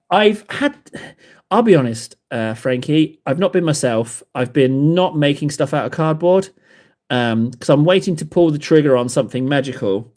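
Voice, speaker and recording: A man's voice: fairly high pitch, expressive, moderate pace. A man hosting a livestream, chatting while painting miniatures, self-mocking and rambling, a little out of breath. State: slightly out of breath. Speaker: livestream host. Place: hobby desk indoors.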